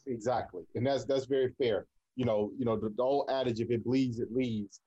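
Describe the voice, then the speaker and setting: A man's voice: mid-range voice, steady tone, fairly quick, dark tone, highs cut off. Encouraging male radio host. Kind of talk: casual radio talk.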